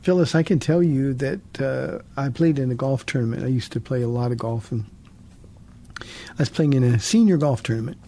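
A man's voice: mid-range voice, normal speed, mellow, a little hiss or hum. A man in his sixties hosting a call-in radio Bible show, earnest and repeating words as he restarts. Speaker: radio pastor and call-in host.

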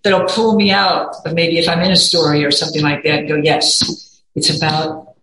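Woman guest, mid pitch, earnest and rambling, roomy echoey recording with faint background noise. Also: quick pace, a bit bright. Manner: earnest, rambling, many restarts and quoted self-talk. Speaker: podcast guest. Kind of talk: casual chat.

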